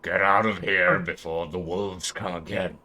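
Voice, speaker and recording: A man voicing a gruff, wary tall bearded villager in heavy furs who gives curt, urgent warnings. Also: low-pitched, little pitch movement, unhurried, a crowd in the background, voice pushed down.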